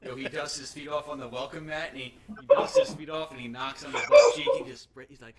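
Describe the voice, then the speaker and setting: A man's voice: fairly high pitch, huge pitch swings, quick pace, vocal fry, crowd noise. Teasing man with a wildly swinging voice. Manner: teasing, joking, swings between loud and muttered. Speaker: co-host. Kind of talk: casual group chat.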